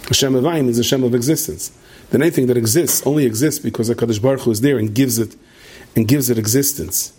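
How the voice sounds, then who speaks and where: A man's voice: medium pitch, fast talker, mellow, husky. A man giving a rambling sermon to an audience, peppering it with "right?". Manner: meandering, asks "right?" often, many restarts. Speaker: rabbi giving a talk.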